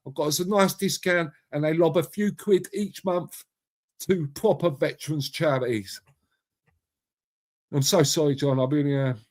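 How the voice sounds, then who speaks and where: A man's voice: fairly high pitch, normal speed, a little mellow. A middle-aged English man hosting a casual live chat, blunt and matey, swearing freely and calling viewers mate and bruv. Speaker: live stream host.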